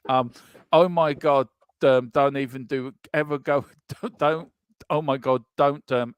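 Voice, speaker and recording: A man's voice: medium pitch, steady tone, measured pace, clear, resonant tone, no echo. A man co-hosting a casual fan podcast, joking and reading out listener comments. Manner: jokey, reads out listener comments. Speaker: podcast co-host.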